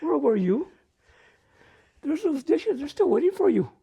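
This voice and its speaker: A woman's voice: high-pitched, big pitch swings, measured pace, mellow, pitched above the performer's own voice, heavily acted. A man doing a scolding mom. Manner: bossy, scolding. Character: scolding mother of a big family, no-nonsense.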